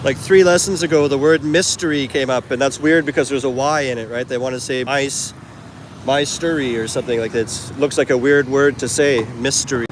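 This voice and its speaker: A man's voice: mid-range voice, steady tone, a little fast, few pauses. A man walking through an outdoor street market and chatting to his phone camera in a rambling, casual vlog. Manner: rambling, chatty, self-correcting asides. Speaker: travel vlogger. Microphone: handheld phone. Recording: street noise behind the voice. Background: traffic and street noise.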